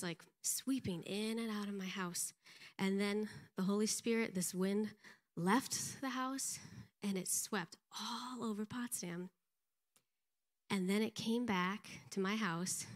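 A middle-aged woman giving an animated, self-deprecating church testimony, laughing often. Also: medium pitch, unhurried. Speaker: pastor's wife giving a testimony.

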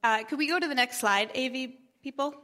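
Middle-aged woman, church speaker, storytelling, chatty, gentle humor, bright fairly high voice. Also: fairly quick. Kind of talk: storytelling talk.

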